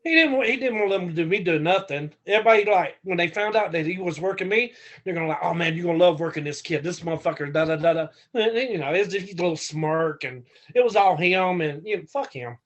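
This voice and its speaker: A man, a former pro wrestler, telling stories as a podcast guest in a casual, profane, animated way that acts out the quotes. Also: high-pitched, fast talker, lo-fi sound. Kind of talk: casual storytelling.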